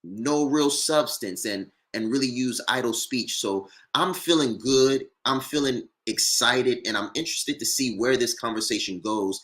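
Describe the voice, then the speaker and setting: A man's voice: medium pitch, a little slow, hardly any pauses, a bit bright. A man, a former rapper turned entrepreneur, talking earnestly in a casual discussion, repeating words as he builds his points.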